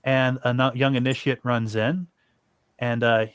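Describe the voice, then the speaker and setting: A man narrating as game master, halting with many fillers. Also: mid-range voice, flat delivery, fairly bright tone, clear, resonant tone, dry recording, clean studio sound.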